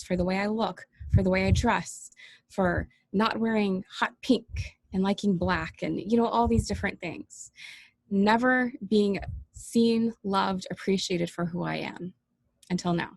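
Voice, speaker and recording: A woman life coach speaking earnestly and emotionally in a personal welcome vlog, pausing often and sometimes close to tears. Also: mid-range voice, vocal fry, no room sound. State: teary-eyed.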